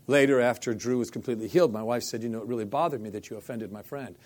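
Middle-aged man, storyteller, acts out every line of dialogue, mid-pitched voice. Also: racing. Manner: animated storyteller, acts out quoted dialogue, repeats "I said". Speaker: faith healing minister telling a story. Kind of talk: storytelling interview.

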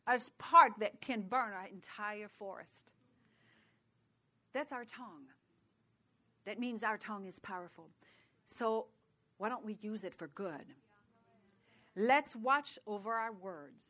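Bright-voiced woman preaching. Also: medium pitch, slow, pauses often. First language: French. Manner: conversational, chatty preaching with asides and laughs. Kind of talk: sermon.

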